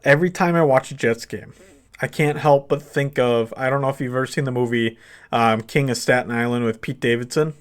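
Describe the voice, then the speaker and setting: A man's voice: mid-range voice, a little fast, clear, resonant tone. A man co-hosting a casual sports podcast, laid-back and laughing as he tells stories. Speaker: podcast co-host.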